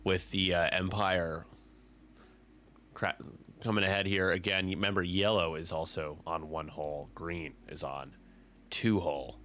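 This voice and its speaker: Low male co-host calling a tabletop match, chatty, rambling, lots of restarts; faint background noise. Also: fairly even intonation, measured pace, sharp tone. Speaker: game commentator. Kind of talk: casual stream commentary.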